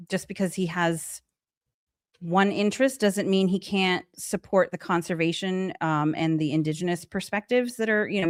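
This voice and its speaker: Low-voiced woman guest, measured with ums. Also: no echo, clean studio sound. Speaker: guest researcher. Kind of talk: conversational interview.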